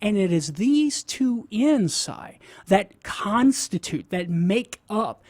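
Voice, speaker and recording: A man's voice: sits high, sing-song, takes it slowly, darkish tone, no room sound. A man with a Cajun accent, a radio guest explaining ideas step by step, often checking in with "right?". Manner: teaching, sprinkles "right?" to check in. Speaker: guest apologist.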